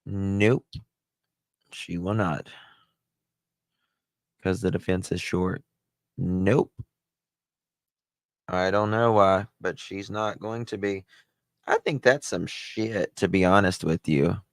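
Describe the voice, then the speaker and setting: A man's voice: low-pitched, takes it slowly, pauses often, no room sound. A man hosting a casual livestream, greeting chatters one by one and talking candidly, with some swearing. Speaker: livestream host. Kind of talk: casual live-stream chat.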